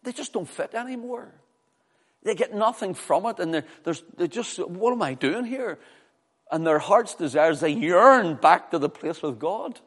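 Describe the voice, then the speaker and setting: A man preaching a sermon with fervor, swinging from loud, high exclamations to low, quiet scripture reading. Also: lively intonation, moderate pace. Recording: long hall reverb.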